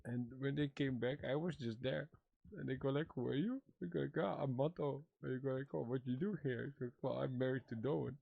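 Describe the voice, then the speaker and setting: A cheerful tribesman rambles through a story in broken English, mimicking everyone he quotes, as a man plays him. The voice sits at an ordinary pitch and the sound is dry and close, with no room at all. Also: brisk, gravelly, no echo, narrow, tinny audio. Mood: storytelling. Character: Wapiti tribesman Mato, married man, playful storyteller. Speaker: roleplayer in a western game. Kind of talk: in-character roleplay chat.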